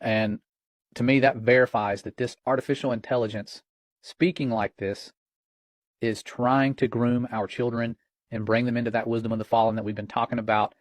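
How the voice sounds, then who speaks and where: A man's voice: medium pitch, level tone, normal speed, no echo. A man hosting religious commentary, earnest and warning, retelling a conversation line by line.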